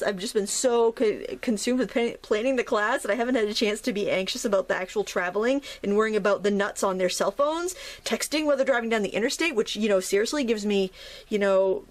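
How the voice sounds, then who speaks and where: A middle-aged woman from New England, chatting and rambling while she teaches a watercolor painting tutorial, often laughing at herself. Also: mid-range voice. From New England, United States. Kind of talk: casual narrated painting tutorial.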